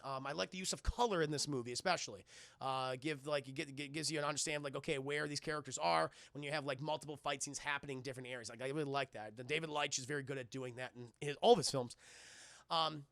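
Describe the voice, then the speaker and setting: A man streaming a casual film recap, animated and profane, often addressing his chat. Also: mid-range voice, quick pace, vocal fry, no room sound.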